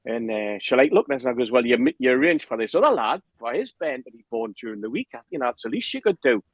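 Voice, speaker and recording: Man, lively storyteller on a podcast, mid pitch, dry close sound. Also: fast talker, slightly rough, dry recording, rough recording. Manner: animated storyteller, acts out quotes, laughs often. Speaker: podcast guest telling a story. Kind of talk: casual anecdote.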